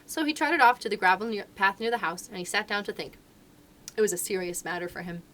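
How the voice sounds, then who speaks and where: A children's librarian reads a storybook aloud, her narration lively and expressive. She has a mid-range voice and reads fast.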